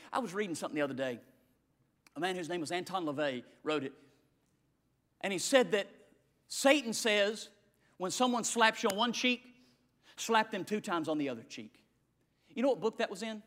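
A male pastor preaching a sermon, swinging from shouts to hushed tones in a repetitive cadence. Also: a little high. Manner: dramatic swings from shouting to hushed near-whispers.

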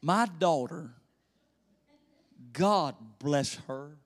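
A male pastor preaching a sermon in a church, swinging between loud emphasis and hushed near-whispers. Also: fairly high pitch, lively intonation, drawn-out words. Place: church sanctuary. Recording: echoey church hall reverb.

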